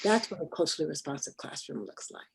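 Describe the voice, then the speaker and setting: A woman who is an early childhood education expert, explaining in a measured way on a radio panel. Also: low voice, gravelly, breathy edge.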